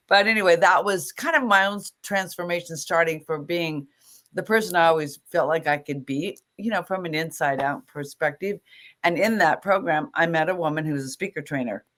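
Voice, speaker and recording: A woman's voice: on the low side, moderate pace, fairly bright tone. A middle-aged woman, an image stylist, telling her story in a casual interview, laughing often and acting out the voices of people she quotes.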